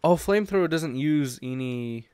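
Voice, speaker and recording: A man chatting casually with a friend while playing a multiplayer factory game, excitable and quick to banter. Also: fairly high pitch, smooth, dry recording. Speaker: co-host gamer.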